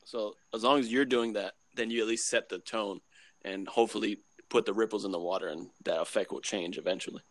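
A man's voice: lowish voice, fairly even intonation, a little fast, no echo. A young man co-hosting a podcast in casual chat, rambling and laughing often as he talks. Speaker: podcast co-host.

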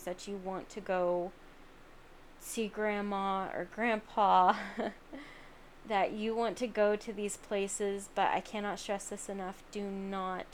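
A woman's voice: mid-range voice, a little hiss or hum. A sleepy woman hosting a late-night solo podcast, talking in an earnest, rambling, self-deprecating way from home. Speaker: podcast host.

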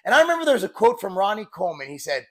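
A man's voice: high voice, sing-song, racing. A man in his forties, a fitness coach, talking candidly and bluntly in a rambling, casual vlog style. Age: 40s.

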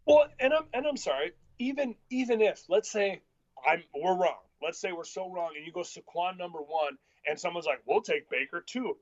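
A man co-hosting a casual sports podcast, arguing football picks bluntly and in rapid bursts. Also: high voice, dry recording. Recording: dull lo-fi sound.

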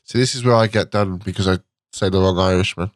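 A man's voice: low-pitched, fast, dry recording, studio quality. A man playing along in a casual podcast quiz, teasing, laughing and swearing. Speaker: podcast co-host and quiz contestant.

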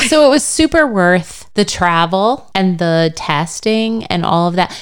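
Brief: American woman, co-host, lively swinging pitch, profane and animated in casual banter. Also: takes it slowly, clear, resonant tone. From United States. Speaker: podcast co-host. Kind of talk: casual chat.

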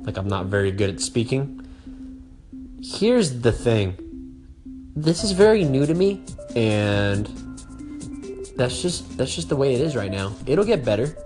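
A man's voice: mid-range voice, big pitch swings, measured pace, pauses often. A young American man hosting his own radio talk show, stuttering and stumbling over his words as he chats casually. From United States. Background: music.

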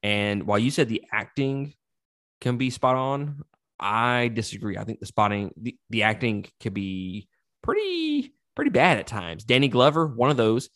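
A man chatting casually about a film he has just seen, swearing and laughing as he goes. His voice swings widely in pitch and sounds close to the mic in a dry, dead room. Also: unhurried, dry recording. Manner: profane, animated, laughs often. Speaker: podcast co-host. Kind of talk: casual movie review chat.

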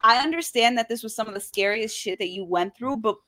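A young woman telling a story in casual chat, animated and swearing freely. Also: on the high side, brisk.

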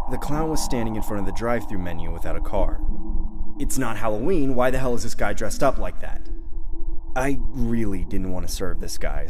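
A man's voice: lowish voice, background noise. Young man telling a horror story. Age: young adult. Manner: tense, dramatic storytelling. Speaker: narrator.

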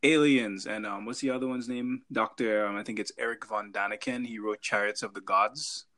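A man's voice: fairly low pitch, fairly even intonation, fairly quick, bright, forceful tone. Guy cohosting a podcast, jokey and rambly, lots of ums. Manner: joking, rambling, many fillers. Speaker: podcast co-host. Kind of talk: casual chat.

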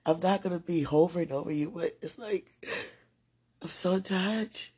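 A woman podcaster giving a slow, earnest, deeply emotional devotional monologue. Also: a little mellow, breathy edge.

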